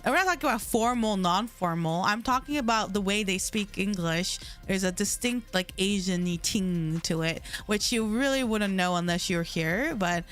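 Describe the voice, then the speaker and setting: A woman's voice: mid-range voice, moderate pace, hardly any pauses, soft background music. A young woman livestreaming from home, chatting casually with her chat in a rambling way, full of "like" fillers, into a desk mic.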